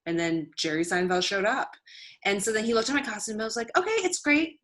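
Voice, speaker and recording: A woman's voice: mid-range voice, quick pace, fairly bright tone. A woman stand-up comedian telling a story in casual chat, full of "like" fillers. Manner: chatty, many "like" fillers, acts out quotes.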